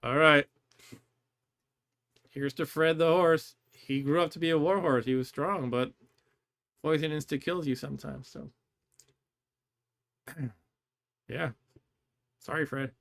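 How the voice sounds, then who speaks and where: A man's voice: a little high, fairly even intonation, slow, vocal fry, long pauses, a bit bright. A man streaming a game with casual commentary, chatty and rambling, laughing often.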